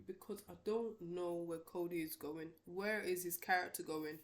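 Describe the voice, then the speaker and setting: A woman's voice: lowish voice, a little slow. A woman vlogger giving casual, opinionated wrestling predictions, rambling with many restarts and fillers.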